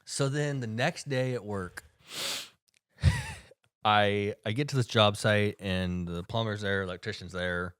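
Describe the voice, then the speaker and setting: A man's voice: fairly low pitch, takes it slowly, clean tone, dry recording, clean studio sound. A man co-hosting a podcast, telling a personal story in casual chat and acting out the people in it. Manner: animated storyteller, acts out quoted people. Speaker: podcast co-host.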